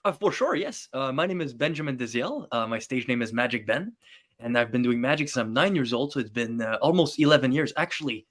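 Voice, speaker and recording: A young man in his late teens with a French accent, speaking English as a later language. He tells stories in an animated way with plenty of fillers, at a middle pitch, as a podcast guest. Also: fairly quick. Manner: animated storyteller, many fillers. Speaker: guest magician. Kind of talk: podcast interview.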